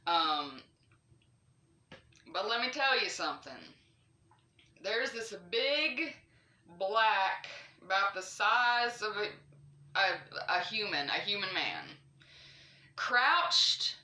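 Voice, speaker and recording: A woman from North Carolina, telling a true scary story to camera in a chatty, animated way, with fillers and the odd swear. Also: mid-range voice, extremely slow, pauses often, reverberant. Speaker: vlogger.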